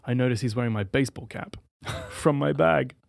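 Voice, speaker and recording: A man's voice: mid-range voice, fairly quick, gravelly, no echo, studio quality. A young man, a podcast guest animatedly telling a story and acting out what others said. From England. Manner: lively storyteller who acts out what others said. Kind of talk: casual storytelling interview.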